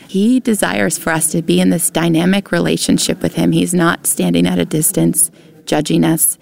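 A woman's voice: lowish voice, fairly even intonation, normal speed, creaky, a little mellow. A woman giving an earnest, reassuring devotional Bible lesson. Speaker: Bible teacher.

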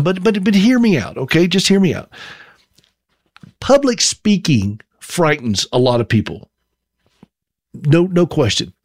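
A man's voice: mid-range voice, dry recording, clean studio sound. A middle-aged man from South Carolina with a Southern accent, telling a folksy, self-deprecating story as a monologue.

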